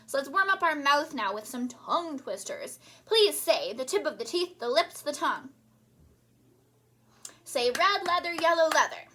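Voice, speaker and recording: A woman voice teacher leading a recorded singing lesson, cheerful and encouraging, singing short warm-up demonstrations. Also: sits high, expressive, normal speed, slight background noise.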